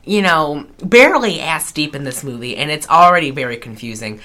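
Co-hosting a podcast, a woman jokes and teases through a casual movie-recap chat, breaking into celebrity impressions. Her voice is low-pitched, animated and sharp, moving fairly quickly.

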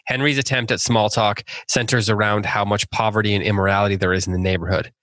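A man co-hosting a casual book-club podcast, reading out listener questions in a relaxed, chatty way. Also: fairly low pitch, quick pace, no room sound. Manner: relaxed, chatty, laughs easily.

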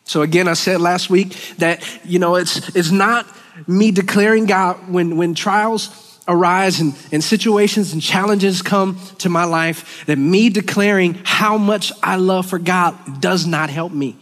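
Earnest guy preaching, kinda high voice, long church echo. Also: a bit bright. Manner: earnest, emotional, halting with restarts. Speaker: worship leader. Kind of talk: sermon. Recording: long church hall reverb.

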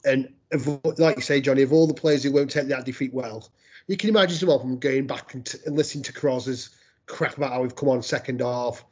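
An on-man chatting on a football podcast, throwing wry jokes in among his views on the players. His mid-pitched voice has a husky, slightly rough grain. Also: brisk, darkish tone. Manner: wry, joking asides. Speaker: podcast co-host. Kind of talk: casual football podcast chat.

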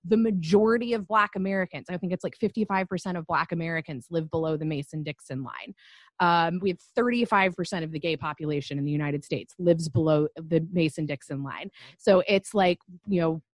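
A woman's voice: fairly low pitch, a little fast, dry recording. Chatty Southern woman on a podcast, dry sound. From Memphis, Tennessee. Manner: chatty, lots of fillers and laughs. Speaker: podcast co-host. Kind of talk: casual chat.

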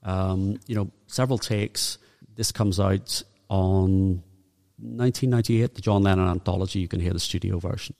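A man's voice: deep voice, fairly even intonation, normal speed, vocal fry, darkish tone, long reverb tail. A man with a Northern Irish accent co-hosting a podcast, chatting casually and reeling off dates and facts. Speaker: podcast co-host. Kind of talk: casual chat.

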